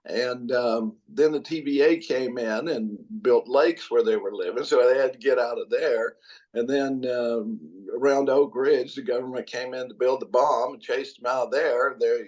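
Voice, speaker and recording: A retired man, a regular podcast guest, chatting casually and telling rambling stories with frequent laughs. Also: mid-range voice. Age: older. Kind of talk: casual chat. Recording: slightly dull lo-fi sound.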